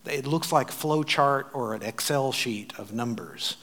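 Man, American, sermon storytelling, wry, animated, mid-pitched. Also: unhurried. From United States. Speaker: preacher.

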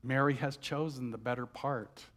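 A man voicing Jesus as a calm, gentle grown man who speaks softly and tenderly. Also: medium pitch, pitched below the performer's own voice, natural voice. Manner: soft, tender, unhurried.

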